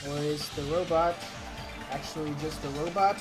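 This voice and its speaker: A man's voice: fairly high pitch, steady tone, moderate pace. A man hosting a game playthrough, recapping in a dry, offhand way. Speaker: let's play host. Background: game music.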